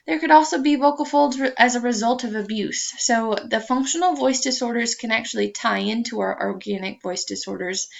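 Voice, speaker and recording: A woman's voice: a little high, gravelly. A woman lecturing to students in an explanatory way, with frequent ums and uhs, on a dull lo-fi recording.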